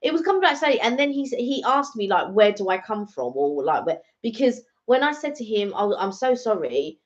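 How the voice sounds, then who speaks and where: A woman co-hosting a casual live-stream chat, telling stories in an animated, rambling way with lots of restarts. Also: a little high, brisk, muffled recording. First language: French-based Creole from family, also speaks French. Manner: chatty, animated storytelling with restarts. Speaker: channel co-host. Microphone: home live-stream microphone.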